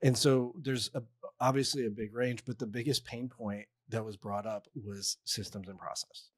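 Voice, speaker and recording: A man hosting an interview podcast, chatting casually while fighting a cold, relaxed and quick to joke. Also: on the low side, no room sound, studio quality. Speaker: podcast host.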